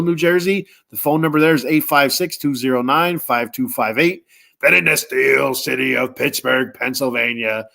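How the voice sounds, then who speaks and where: A man hosting a sports podcast, reading sponsor spots casually with lots of fillers and slow, careful reading of phone numbers. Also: on the high side, a bit bright. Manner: rambling, filler-heavy, tired; reads numbers slowly and deliberately. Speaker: podcast host.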